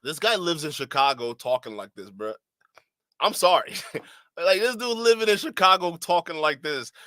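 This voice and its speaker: A man's voice: on the high side, animated, moderate pace, sharp tone, no echo. A man hosting a reaction stream, talking casually and with exasperation, often stammering and restarting. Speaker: commentary channel host. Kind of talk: reaction commentary.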